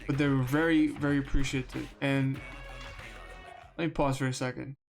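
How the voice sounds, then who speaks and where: A young man live streaming a game, chatting casually in an earnest, halting way with lots of restarts and fillers at a desk microphone. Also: medium pitch, flat delivery, gravelly, faint music behind.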